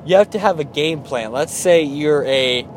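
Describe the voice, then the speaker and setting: A man's voice: on the high side, normal speed, a little hiss or hum. Chatty joking young man hosting sports talk. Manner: joking, chatty, animated rants. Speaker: podcast host. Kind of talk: casual sports chat.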